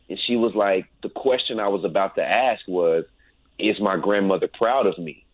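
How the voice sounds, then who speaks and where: A laid-back paranormal investigator, appearing as a guest in a casual storytelling interview, recounts a tale and keeps saying "man." His fairly low voice comes at normal speed through a tinny, phone-like line with no room sound or echo.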